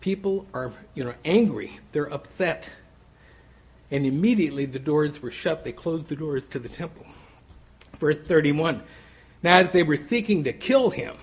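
A man's voice: a little high, normal speed, slightly rough, poor audio. A man teaching verse by verse through a Bible passage, talking in a loose, conversational way with frequent asides and restarts. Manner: conversational, many "you know" asides; restarts and repeats words while thinking aloud.

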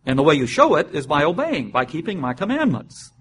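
A man leading a conversational Bible study. He explains step by step, spells words out letter by letter, and often pauses with "uh" and restarts. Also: a little high, very animated, fairly bright tone, a little hiss or hum. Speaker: Bible teacher.

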